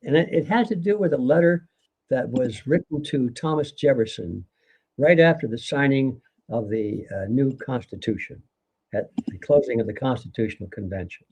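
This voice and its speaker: A man's voice: mid-range voice, normal speed, a little mellow, breathy edge. An older man, a guest author in a live conversation, speaking earnestly and lecturing, with occasional laughs.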